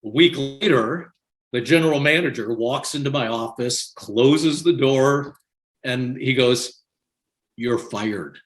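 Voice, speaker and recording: Animated older man telling stories. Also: mid-range voice, a little slow. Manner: animated, laughs often while telling stories. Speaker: podcast guest. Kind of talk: conversational storytelling.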